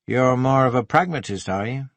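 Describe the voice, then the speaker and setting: A male narrator voicing a gentle, soft-spoken theatre man with a wry, evasive manner, in an audiobook. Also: mid-range voice, moderate pace, no echo, lightly acted. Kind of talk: audiobook character voice.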